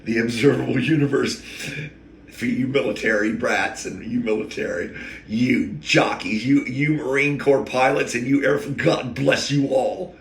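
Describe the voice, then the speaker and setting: A man's voice: mid-range voice, steady tone, measured pace, vocal fry, a little hiss or hum. A man hosting a rambling, emotional spiritual monologue, often wandering off topic and catching himself. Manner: digressive, emotional, self-interrupting. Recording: echoey room.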